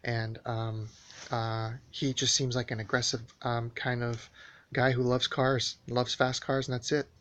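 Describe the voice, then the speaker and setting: A man's voice: medium pitch, little pitch movement, unhurried, a bit bright. A man telling a long story in a casual spoken monologue, rambling and aggrieved, with many restarts and fillers.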